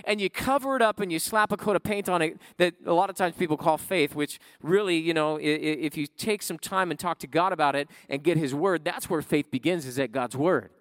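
A man's voice: on the high side, fairly quick, hardly any pauses, no echo. Conversational male preacher, dry sound. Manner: conversational preaching with frequent "right?" asides. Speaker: pastor. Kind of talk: sermon.

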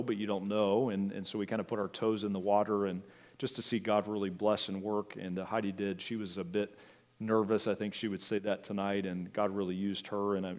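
A man's voice: lowish voice, darkish tone. A middle-aged man, a pastor, preaching a sermon in a conversational, storytelling manner with many fillers and restarts.

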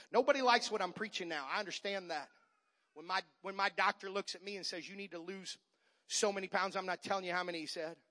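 A middle-aged man preaching a sermon as pastor, moving from quiet talk to shouted, fiery preaching. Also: sits high. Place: church sanctuary.

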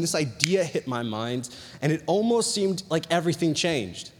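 Young male preacher, high voice, chatty storytelling sermon, hall reverb. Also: moderate pace. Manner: animated, chatty storytelling with many "like"s.

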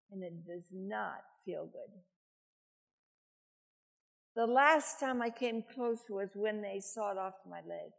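An older woman preaching a sermon, chatty, with self-deprecating asides. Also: on the high side.

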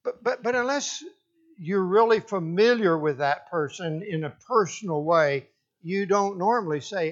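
A man preaching a sermon, slow and deliberate, often restarting his phrases for emphasis. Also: high-pitched, lively intonation, dull audio.

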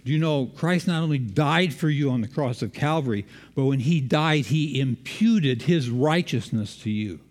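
A man's voice: mid-range voice, lively intonation, moderate pace, few pauses, a little mellow, long reverb tail. A man preaching a sermon, engaging the congregation with questions.

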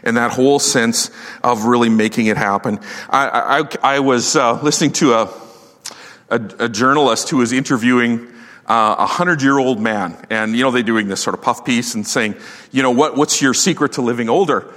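A middle-aged man preaching a sermon in a lively, joking, conversational way. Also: mid-range voice, normal speed. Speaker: pastor. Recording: long hall reverb.

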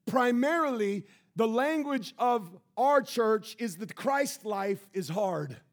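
Pastor guy preaching, pretty high voice, gets loud and punchy on key lines. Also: animated, takes it slowly. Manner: preaching with sudden shouted emphasis. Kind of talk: sermon. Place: church sanctuary.

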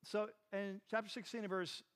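Man preaching, high voice, conversational teaching, asks the room questions, casual fillers. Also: flat delivery, moderate pace, a bit bright, smooth. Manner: chatty, asks the listeners questions, says "like" and "right" often. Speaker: pastor teaching a Bible class.

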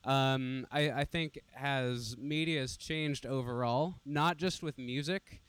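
Young guy, smooth clear voice, dry close sound, chill and kinda hedgy. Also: medium pitch, takes it slowly, no echo. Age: young adult. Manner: relaxed, hedging with fillers. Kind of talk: casual chat.

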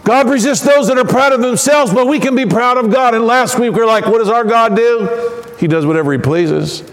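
A male pastor preaching an animated sermon, building to shouted exclamations. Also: extremely high pitch, fairly quick. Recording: echoey hall.

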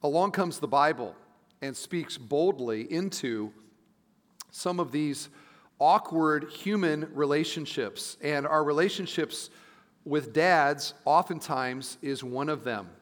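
A middle-aged man, a pastor, giving a conversational sermon, dropping to soft asides and rising to emphatic points. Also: on the high side, slow. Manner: conversational preaching, shifting between soft asides and emphatic rises. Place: church sanctuary. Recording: long reverb of a large hall.

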